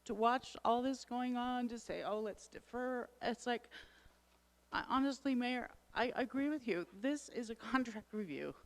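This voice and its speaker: A woman's voice: fairly high pitch, normal speed. Frustrated woman making a public comment. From Wisconsin. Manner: frustrated, emotional and urgent. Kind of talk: public comment at town meeting.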